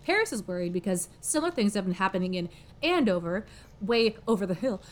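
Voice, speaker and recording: Casual woman co-host, chatty recap with lots of fillers, medium pitch. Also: lively intonation, brisk. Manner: chatty, heavy "like" and "um" fillers, laughs often. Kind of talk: casual plot summary.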